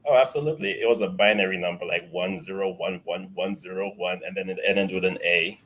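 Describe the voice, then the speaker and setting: A young man with an African accent calling in to a stream, shy and soft-spoken, laughing often. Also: deep voice, quick pace, slight background noise. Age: young adult. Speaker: caller. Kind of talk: casual chat.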